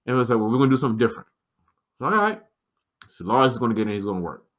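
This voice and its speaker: Animated male wrestling guest storyteller. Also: medium pitch, racing. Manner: animated, acts out quoted dialogue in changing voices; relaxed, laughs often. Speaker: podcast guest, pro wrestler. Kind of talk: casual storytelling chat.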